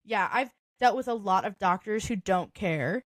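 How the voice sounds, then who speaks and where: A woman's voice: medium pitch, animated, moderate pace, no room sound. Chatty young woman, dry studio sound. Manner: chatty, full of "like" and "um" fillers, laughs often. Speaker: podcast co-host. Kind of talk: casual chat.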